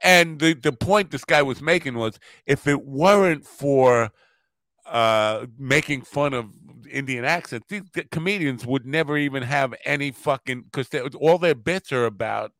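A man's voice: mid-range voice, a bit bright, no room sound. A male podcast host in casual chat, curious and joking, with many fillers. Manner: curious, filler-heavy, quick to joke.

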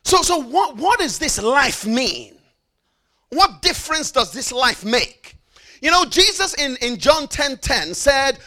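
High-voiced, bright preaching man. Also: big pitch swings. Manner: emphatic, repeats phrases with call-and-response prompts; slows down for stressed phrases, rushes through asides. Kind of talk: sermon.

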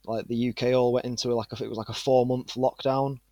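A man in his twenties with a northern English accent, a guest chatting in a relaxed, rambling way with plenty of fillers. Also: mid-range voice, a little fast, no room sound, dull audio. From England. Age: 20s. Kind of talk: casual interview chat.

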